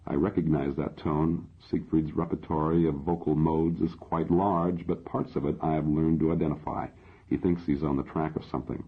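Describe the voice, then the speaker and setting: Very deep, husky male audiobook narrator. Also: steady tone, normal speed. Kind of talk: first-person audiobook narration. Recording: dull lo-fi audio.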